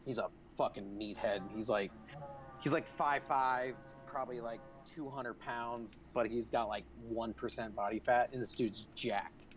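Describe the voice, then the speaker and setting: A man's voice: mid-range voice, fairly even intonation, measured pace, faint music behind. A man hosting a gaming video, telling a long profane story in casual chat. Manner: profane, rambling anecdote-telling. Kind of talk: casual chat while playing.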